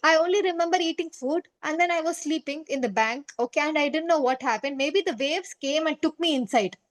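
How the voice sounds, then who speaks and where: A woman's voice: high-pitched, fairly quick, natural voice. A woman storyteller voicing a strong young prince pretending not to remember anything. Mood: feigned innocence. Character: mighty young male prince, acting innocent.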